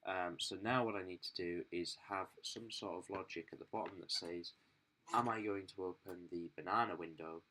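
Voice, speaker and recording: A student developer with a low, pushed, bright voice talks informally at normal speed through a screen-recorded coding tutorial. He demonstrates software while thinking aloud, with frequent ums and self-corrections.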